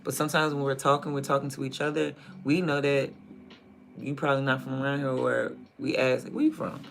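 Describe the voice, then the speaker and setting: Creaky, bright DMV-accented streamer man. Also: medium pitch, flat delivery, a little fast, a little hiss or hum. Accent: DMV (Washington, D.C. area). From Prince George's County, Maryland. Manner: rambling, thinks aloud, trails off mid-sentence. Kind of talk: casual livestream chat.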